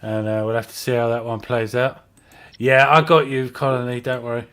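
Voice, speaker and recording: A man with a British accent hosting a live stream, chatting excitably about films and laughing often. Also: medium pitch, normal speed, clear, resonant tone. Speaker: host. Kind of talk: casual live-stream chat.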